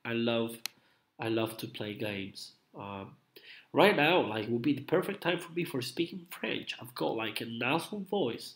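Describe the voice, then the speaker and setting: Slow, rambling man with a cold. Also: mid-range voice, lively intonation, fairly bright tone. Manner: rambling and hesitant, many fillers and restarts. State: has a cold, coughing. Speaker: live-stream host. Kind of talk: casual live-stream chat. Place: home room at night. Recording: roomy echo.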